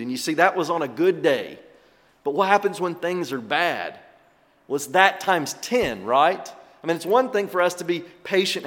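A middle-aged male pastor preaching a sermon, animated, swinging between loud emphasis and quiet asides. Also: a little high, in a large hall.

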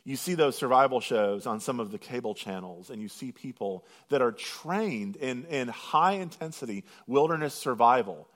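A man preaching a sermon, swinging from loud, drawn-out proclamation to hushed intensity and slowing right down on scripture lines. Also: medium pitch, expressive. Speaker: pastor.

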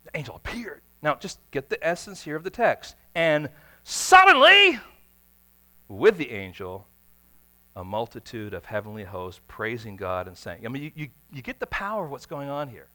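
A man preaching a sermon, telling stories with dramatic swings between hushed, quiet passages and sudden shouts. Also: mid-range voice, big pitch swings, a little fast. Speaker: pastor.

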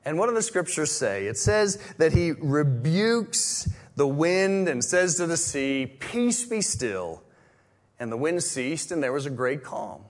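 A man preaching a sermon in a conversational way, full of restarts, swinging from loud exclamations to hushed whispers. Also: on the high side, animated, measured pace. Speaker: pastor.

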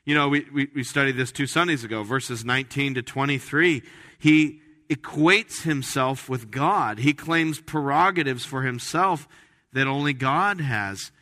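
A man preaching a sermon as pastor, emphatic and animated, with frequent restarts. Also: medium pitch, measured pace. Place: church sanctuary. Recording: reverberant church hall.

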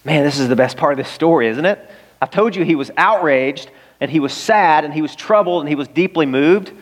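Male pastor, slightly higher register, emphatic sermon delivery, long hall reverb. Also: expressive, brisk. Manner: earnest, emphatic preaching with rhetorical questions.

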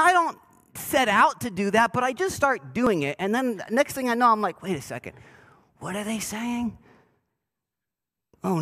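Pastor, male, high and lively voice, chatty and self-deprecating, asks the room questions. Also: rough recording. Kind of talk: sermon. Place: church sanctuary.

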